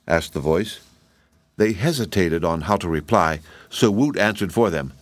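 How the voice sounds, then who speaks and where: A man reading a children's book aloud as an expressive storyteller. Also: sits low, normal speed, dry recording.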